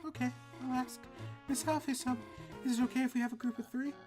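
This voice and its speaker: Lady doing a soft sweet deer girl student, kinda shy, polite. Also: sits high, fairly even intonation, fast talker, music in the background, voice pushed up, natural voice. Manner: gentle, friendly.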